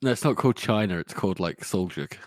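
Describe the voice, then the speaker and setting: Man, bouncy and expressive pitch, dry sound; quick quips on a podcast. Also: no room sound. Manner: playful, quick quips, laughs often. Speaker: podcast co-host. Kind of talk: casual book discussion.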